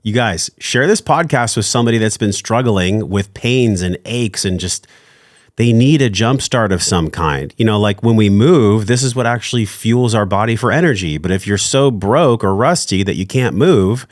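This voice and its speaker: A man hosting a podcast, talking in an earnest, heartfelt way and thanking his guest warmly. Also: fairly low pitch, lively intonation, normal speed, dry recording, clean studio sound. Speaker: podcast host. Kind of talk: casual interview chat.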